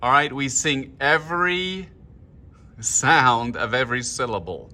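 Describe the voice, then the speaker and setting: A man leading a choir rehearsal talk-through, explaining markings and singing short phrases in falsetto to show them. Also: unhurried, sharp tone. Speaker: choir director. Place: room, filming himself. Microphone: handheld camera.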